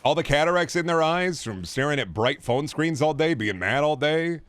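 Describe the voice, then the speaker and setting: A man's voice: a little high, animated, moderate pace, fairly bright tone, dry recording. Sarcastic, swearing male streamer. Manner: sarcastic, profane, ranting. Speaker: gaming streamer. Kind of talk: casual stream chat.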